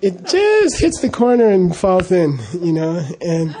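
A man's voice: sits high, wildly swooping pitch, a little slow, warm tone. A middle-aged man casually telling an anecdote, laughing often and acting out the dialogue. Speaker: storyteller recalling monastery life.

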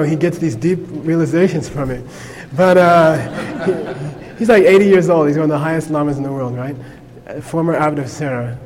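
A man's voice: fairly high pitch, darkish tone, in a large hall. A man teaching a Buddhist class in a conversational way, checking in with his listeners with frequent "okay?". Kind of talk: informal class lecture.

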